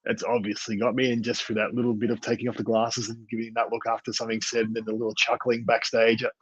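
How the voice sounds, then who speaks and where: A man's voice: medium pitch, completely flat delivery, fast talker, breathy edge, dry recording, lo-fi sound. A man co-hosting a wrestling review podcast in casual chat, rambling with many fillers and restarts. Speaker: podcast co-host.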